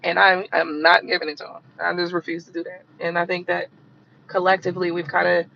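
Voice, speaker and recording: A woman hosting a live stream who rants bluntly and profanely and repeats herself for emphasis, her voice hoarse and coughing from a cold. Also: on the low side, level tone, a little fast, lo-fi sound, a little hiss or hum. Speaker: tarot reader hosting a livestream.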